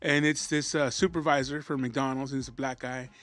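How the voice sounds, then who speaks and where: A man's voice: mid-range voice, fairly even intonation, brisk, fairly bright tone, dry recording. A man co-hosting a podcast, joking around in casual chat. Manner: jokey, riffs and mimics people.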